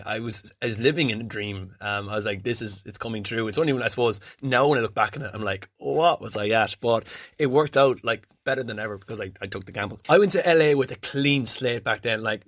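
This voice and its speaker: A man's voice: medium pitch, a bit bright, no echo, clean studio sound. A young Irish man hosting a solo podcast, telling his own story in a chatty, reflective and self-deprecating way. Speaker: podcast host.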